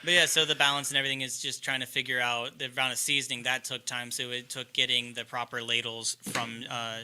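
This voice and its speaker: A man's voice: mid-range voice, flat delivery, fast, sharp tone, slight background noise. A man who runs a ramen business, explaining his cooking at length in a casual podcast conversation. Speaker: chef and ramen maker.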